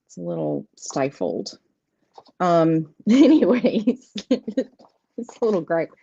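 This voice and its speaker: A woman's voice: lowish voice, lively intonation, slow pace, gravelly, warm tone, slightly rough, no echo. A woman, hosting a casual live tarot stream, chatty and giggly, rambling and greeting viewers by name. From southeastern United States. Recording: dull lo-fi stream audio, dry.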